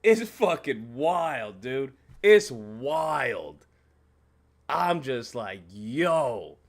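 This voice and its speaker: A man hosting his channel, telling a profane, animated story in a casual rant, laughing and acting out his own reactions. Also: medium pitch, drawn-out words. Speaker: channel host.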